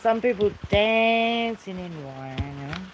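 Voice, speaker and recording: Her medium-pitched voice is animated but a little slow, caught on poor audio with a faint hiss or hum. This Australian vlogger rambles easily through a casual chat by an outdoor fire in the rain, sometimes shouting to people off camera.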